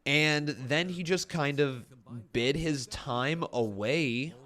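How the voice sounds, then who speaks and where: A man's voice: on the high side, takes it slowly, bright, forceful tone. A man casually reacting to wrestling on a live stream, reading chat messages aloud and rambling with frequent laughs. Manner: joking, laughs often.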